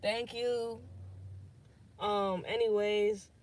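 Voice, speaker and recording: A young woman talks loosely on her own podcast stream, thinking out loud. She drifts between thoughts, swears freely and leans on "like" and "um." Her voice sits at an ordinary middle pitch. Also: flat delivery, drawn-out words, slight background noise. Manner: rambling, profane, thinks aloud with many fillers. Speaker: podcast host. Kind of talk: casual livestream chat.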